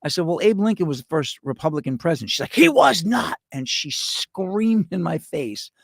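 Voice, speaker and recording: Profane, gravelly New man ranting. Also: on the high side, expressive, a little fast, dry recording, clean studio sound. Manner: profane, rambling, sarcastic. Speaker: podcast host. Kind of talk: rambling comedic rant.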